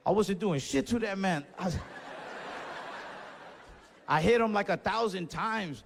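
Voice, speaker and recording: A man telling a stand-up story into a handheld mic, his voice ringing with a long hall echo. He sits a little high for a man and acts out the people in his tale with lively swings. The delivery is loose and conversational. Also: normal speed, creaky. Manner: animated, acts out voices and yells in his stories. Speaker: stand-up comedian. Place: comedy club stage. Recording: stage mic in a reverberant venue.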